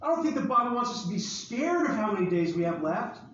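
Pastor, male, high voice, casual jokey sermon delivery, distant mic in a booming room. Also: very animated, fast, a bit bright, slight background noise. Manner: joking, conversational, acts out Bible scenes. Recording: far-off echoey hall, dull sound.

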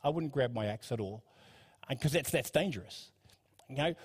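A man's voice: mid-range voice, animated, normal speed, breathy edge. Man in his fifties preaching in a reverberant hall. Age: 50s. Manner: earnest, conversational preaching with asides and repetitions. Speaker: pastor. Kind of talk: sermon.

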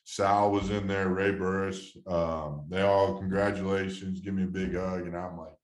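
Deep-voiced man telling a story. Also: flat delivery, normal speed, roomy sound. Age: 30s. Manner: rambling, emotional storytelling with many restarts. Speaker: former baseball player, guest. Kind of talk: casual storytelling interview.

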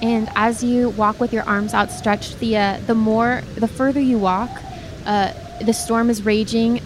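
A woman with a fairly high voice runs a tabletop game as game master. She describes each scene with frequent restarts and speaks to the player by name. Clear background noise runs under the recording. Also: fairly even intonation, unhurried.

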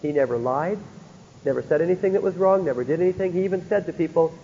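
A man's voice: fairly high pitch, quick pace, warm tone, a little hiss or hum. A man teaching a Bible lecture, often stopping to ask his listeners rhetorical questions to check they follow. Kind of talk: recorded theology lecture. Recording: dull lo-fi recording in a reverberant hall.

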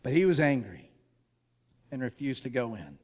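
A man preaching as a guest speaker, animated and emphatic, with casual asides. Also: mid-range voice, moderate pace, long reverb tail. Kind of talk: sermon. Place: church auditorium.

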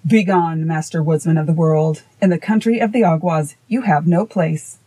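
A woman reading voicing a fierce, arrogant male goblin king with slow, menacing defiance. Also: low voice, warm tone, slightly rough, low-quality recording. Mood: raging.

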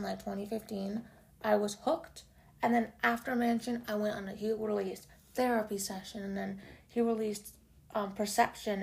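A young woman chatting casually as a music vlogger, gushing like an excited fan. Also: mid-range voice, creaky. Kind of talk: casual chat.

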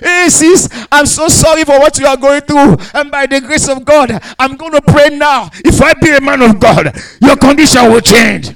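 A showboating pastor, all noise and drawn-out babble, pushes his prayer in a high, shouting voice, as a preacher mocks him. It is preaching played for effect, loud and overdone. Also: distant mic, low-quality recording. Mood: sympathetic. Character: showy overexcited male pastor praying loudly.

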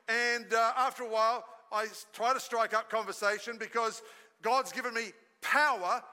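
A man preaching a sermon as pastor at a live church service, telling stories energetically and calling on the congregation to join in. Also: very high voice. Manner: storytelling, energetic preaching with audience call-and-response. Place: church hall. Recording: live sermon in a reverberant hall.

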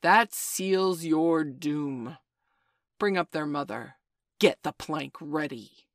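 A woman reading aloud, putting on a menacing pirate captain who roars slow, loud commands. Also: deep voice, no room sound, studio quality. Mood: roaring menace. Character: menacing pirate captain man, roaring and gloating.

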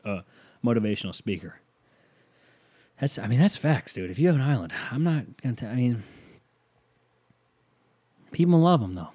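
A man's voice: on the low side, a little mellow, no room sound. A man hosting a podcast, rambling through a casual solo monologue with self-mocking jokes. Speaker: podcast host.

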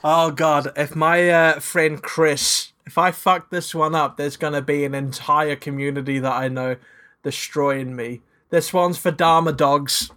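Man, podcast co-host, casual chat, bright voice, slightly high, laughs and swears. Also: measured pace. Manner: swearing, laughs a lot, animated storyteller.

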